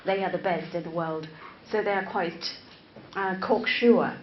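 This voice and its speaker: A woman professor whose first language is Chinese gives a classroom lecture to teachers, often repeating words and checking in with "right?". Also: mid-range voice. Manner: slow, deliberate, interactive with the audience. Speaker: English teacher-educator, professor. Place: lecture room. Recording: echoey, slightly dull room recording with faint noise.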